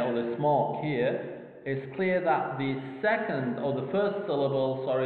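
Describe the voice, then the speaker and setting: A man with an Egyptian accent giving a phonetics lecture, saying each word several times and checking in with the class. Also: medium pitch. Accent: Egyptian English. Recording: tinny, echoey recording in a large hall.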